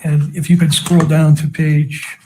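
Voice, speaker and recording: A man's voice: on the high side, level tone, a little slow, a little mellow, a little hiss or hum. A man cross-examining a witness in a courtroom with methodical, leading questions. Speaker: defense attorney.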